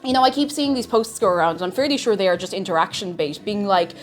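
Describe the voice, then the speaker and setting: A woman's voice: medium pitch, fast talker. A young woman chatting casually and rambling while she bakes on a livestream, greeting viewers and poking fun at herself. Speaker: streamer. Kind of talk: casual baking livestream chat. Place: home kitchen. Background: faint music.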